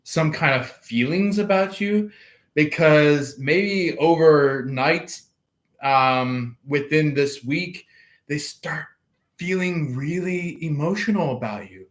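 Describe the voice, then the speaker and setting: A man giving a casual tarot reading, wandering slowly through his thoughts with many fillers and dropping to a soft hush when he voices imagined people. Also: fairly high pitch. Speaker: tarot card reader.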